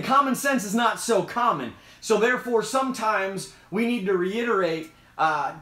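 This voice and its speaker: High-voiced man hosting a casual live Q&A. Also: a bit bright, reverberant. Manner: chatty, repeats himself, explains emphatically. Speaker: host.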